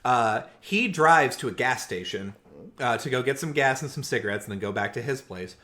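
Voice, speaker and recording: Recorded in person in a room, a podcast co-host tells a story during casual chat. His voice is medium-pitched at normal speed, and he's animated, swearing often and acting out the people he quotes.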